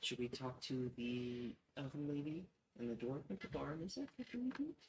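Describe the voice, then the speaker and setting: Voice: medium pitch, big pitch swings, moderate pace, background noise. A tabletop game player speaking partly in character, playful and asking questions.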